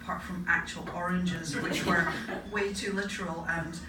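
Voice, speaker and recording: A woman's voice: lowish voice, level tone, moderate pace. A woman academic performing a stand-up comedy set, telling stories in a wry, punchy way on stage before a live audience. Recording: echoey live venue, distant mic, noisy. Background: audience laughter and room ambience.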